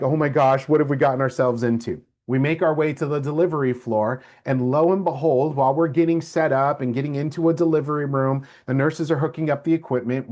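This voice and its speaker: Speaking to his class in a mid-range voice, a middle-aged man recounts something from his own life, playing each character's voice as a lively storyteller.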